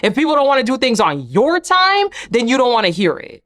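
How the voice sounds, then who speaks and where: A woman's voice: fairly high pitch, sing-song, brisk, fairly bright tone. A woman hosting a reality TV recap, talking casually with blunt, sarcastic opinions.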